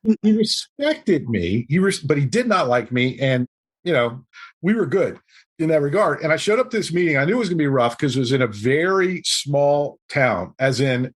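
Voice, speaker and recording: Male guest, husky tone, animated self-deprecating anecdote teller with a lively, varied pitch. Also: moderate pace. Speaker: podcast guest. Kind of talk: storytelling in conversation.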